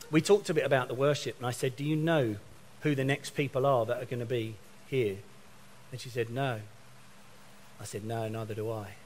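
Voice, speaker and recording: Animated male preacher telling stories. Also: mid-range voice. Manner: animated storytelling, acts out phone calls. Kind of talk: sermon.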